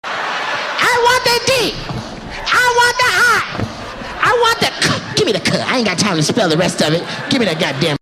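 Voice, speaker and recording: A male comedian playing a wildly excited, brash young woman who shouts frantic demands during a live stand-up set. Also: very high voice, normal speed, pauses often, pitched above the performer's own voice. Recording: noisy live comedy club.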